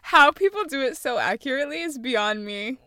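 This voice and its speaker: A woman in her twenties co-hosting a casual podcast chat, animated, laughing often and acting out quotes. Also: high-pitched, brisk, no echo, studio quality. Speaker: podcast co-host.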